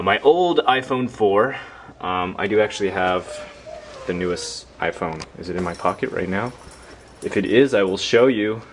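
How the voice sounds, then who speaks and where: A young man giving a casual, rambling home-tour vlog inside his house, self-deprecating and full of fillers. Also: lowish voice.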